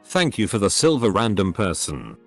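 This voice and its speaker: A computer-generated male voice reads story posts aloud, set a little low and moving through lots of pitch. It spells out censored words letter by letter in a scripted narration, with soft music faintly underneath. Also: very animated, normal speed. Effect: text-to-speech voice. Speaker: narrator reading online posts. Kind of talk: scripted text-to-speech narration.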